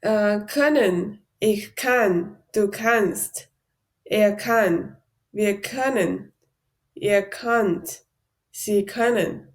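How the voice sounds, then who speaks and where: Woman, language learner, very slow pace, hesitant, repeats words carefully. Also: mid-range voice. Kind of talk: language lesson practice.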